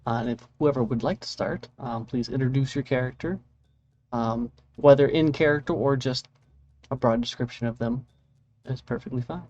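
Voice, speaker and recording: A man's voice: mid-range voice, normal speed, darkish tone, highs cut off. A man narrating as game master of a tabletop game, describing scenes and guiding players with casual fillers.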